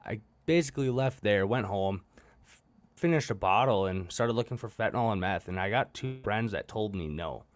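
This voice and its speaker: A young man tells his recovery story as a guest, candidly and bluntly, swearing often and laughing at himself. His voice is fairly low and his pace moderate.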